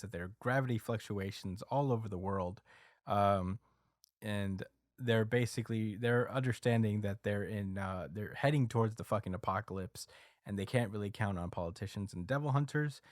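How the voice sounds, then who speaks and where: A man hosting a podcast, casually recapping a story with lots of fillers and quick acted quotes. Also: on the low side, no echo, studio quality. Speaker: podcast host recapping a manga chapter. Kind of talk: casual chat.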